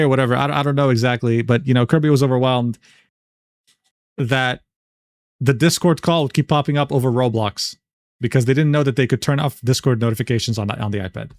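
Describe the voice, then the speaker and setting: A man's voice: mid-range voice, a little fast, dry recording, studio quality. A man reacting casually on a livestream, incredulous and slangy, often breaking into laughs. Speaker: streamer reacting to a document.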